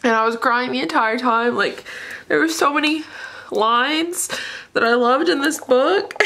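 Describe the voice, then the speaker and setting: Young woman vlogger, bright tone, gushing and tearful, casual chat at home. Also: high voice, vocal fry. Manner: gushing, emotional, laughs often. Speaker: book vlogger. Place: dark living room at home.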